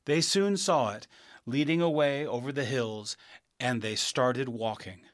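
A man reading a children's storybook aloud as narrator, slow, clear and expressive. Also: medium pitch, no room sound, clean studio sound.

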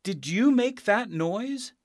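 A man's voice: high-pitched, lively intonation, slow, no room sound, clean studio sound, voice pushed up. A man voicing a polite young girl far from home, raising his voice to sound earnest in a storybook reading.

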